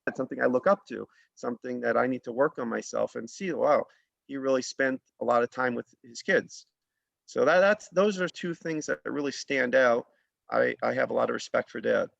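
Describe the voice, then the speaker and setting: A man speaking sincerely and haltingly about respecting his father, in a dull, dry recording. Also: mid-range voice, gravelly, a bit bright, no room sound. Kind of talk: reflective interview remarks.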